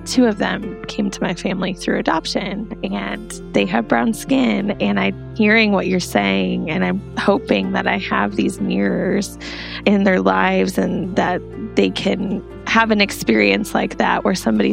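A middle-aged woman interviewing a guest, gently encouraging and affirming. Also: medium pitch, gravelly. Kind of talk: warm conversational interview.

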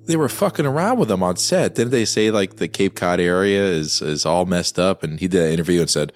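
Deep-voiced joking man co-hosting. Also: animated, fairly quick, few pauses. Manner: joking, crude humor, laughs a lot. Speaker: co-host of a movie watchalong. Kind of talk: casual chat over a film.

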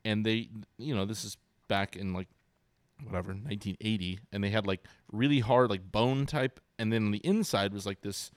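A man's voice: lowish voice, normal speed, no room sound. A man in his forties co-hosting a casual sports podcast, telling stories animatedly and acting out his kids' voices. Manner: animated storyteller, acts out voices of his kids. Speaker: podcast co-host.

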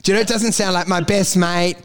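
A man co-hosting a podcast, telling animated stories, swearing freely and often asking "do you know?". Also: high-pitched, quick pace, clean tone. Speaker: podcast co-host. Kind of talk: casual chat.

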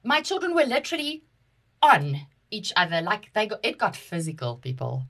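A woman with a South African accent, co-hosting a podcast and telling a personal story in an animated, dramatic way. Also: mid-range voice, moderate pace. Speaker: podcast co-host. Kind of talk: casual chat, personal storytelling.

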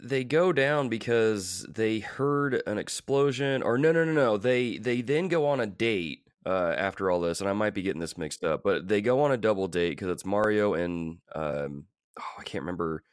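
Brief: male co-host, mid pitch, dry close sound, halting and exasperated while recapping a film. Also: clear, resonant tone, dry recording. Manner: hesitant, halting, exasperated asides. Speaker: podcast co-host. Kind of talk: casual movie review chat.

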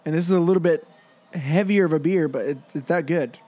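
Man, casual beer chat co-host, fairly high voice, opinionated, laughs a lot. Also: brisk, warm tone. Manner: chatty, opinionated, laughs often.

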